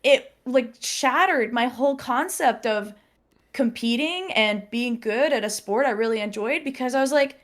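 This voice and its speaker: Animated young woman telling a story. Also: on the high side, unhurried. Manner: animated storyteller, acts out quotes, laughs often. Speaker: podcast guest. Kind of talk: casual chat, storytelling.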